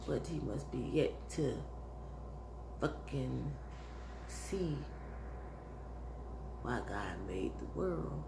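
A woman vlogger rambling in a casual monologue, musing and swearing, sighing often and sometimes dropping into soft whispers. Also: a bass voice, sing-song, takes it slowly, creaky, pauses often. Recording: echoey room with background noise.

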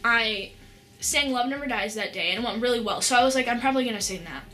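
A teenage girl telling a story in a casual vlog, excited and rambling, with lots of "like" and restarts. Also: fairly high pitch, fast talker. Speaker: vlogger.

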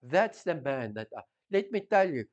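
A man with a South African accent preaching a sermon, swinging from loud emphasis down to hushed intensity. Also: a little high, sing-song, moderate pace, lo-fi sound. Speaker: pastor.

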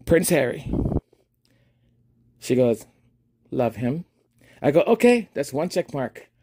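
Dark, husky male podcast host storytelling. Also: on the high side, slow. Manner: animated, laughing, acts out both sides of a dialogue. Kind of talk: casual storytelling monologue.

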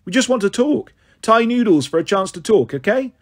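A man doing a calm, coaxing teen hero. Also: high voice, fairly quick, pitched above the performer's own voice. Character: friendly, determined teenage boy hero.

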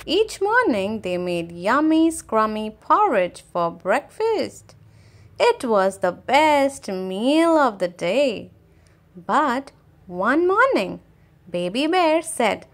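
A woman reading a picture book aloud for children, expressive and speaking to the listeners. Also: on the high side, slow. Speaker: children's storyteller. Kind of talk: read-aloud storytime narration.

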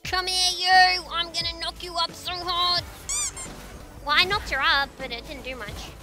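A woman streaming a game talks in a very high, bright voice, full of giggles and sudden outbursts. She narrates her own play, pleads with her teammates and laughs at her own mistakes, while game music plays clearly underneath. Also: steady tone, a little slow. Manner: self-mocking, frequent laughter. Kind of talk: live gameplay commentary.

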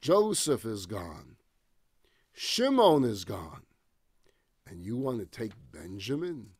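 A man's voice: fairly low pitch, sing-song, takes it slowly, a little mellow, husky, no room sound, studio quality, pitched below the performer's own voice, exaggerated voice. A man voicing a bitter grieving old father. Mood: bitter, anguished. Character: grieving, suspicious old father of many sons.

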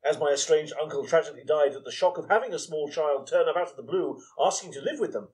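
An actor playing a stubborn police assistant in a live comedy sketch, dry and deadpan with a stuffy politeness. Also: male voice, fairly high pitch, fast talker, natural voice.

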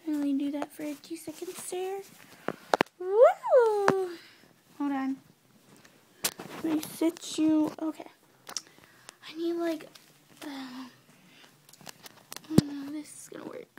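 A woman filming herself on her phone, softly hushing and soothing a baby while chatting casually to her viewers. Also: high-pitched, background noise. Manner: soothing, hushing, often soft and whispery. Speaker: vlogger caring for a baby. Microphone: handheld phone.

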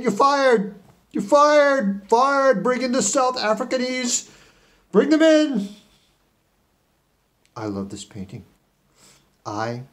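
A man does a comic impression of a grandiose, scheming billionaire tycoon, his voice swinging from low mutters to yelling.

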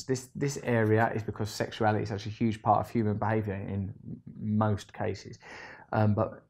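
A man telling a rambling storytime monologue, animated and self-deprecating, swinging between loud bursts and low asides. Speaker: vlogger.

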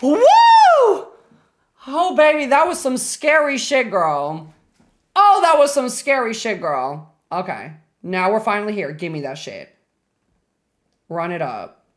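A woman streaming a game live, reacting loudly and dramatically with shrieks and swearing while chatting with viewers and thanking subscribers. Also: medium pitch, very animated, unhurried.

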